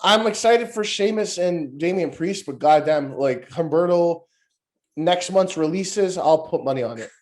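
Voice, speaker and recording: A man's voice: a little high, a little slow. Ranting, foul-mouthed podcast host man. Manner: profane, rambling, animated ranting. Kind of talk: casual wrestling review chat.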